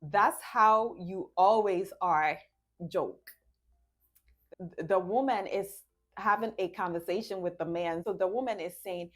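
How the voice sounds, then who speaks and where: A woman's voice: medium pitch, unhurried. A woman giving relationship advice in a casual talk, laughing often and acting out small scenes between a couple.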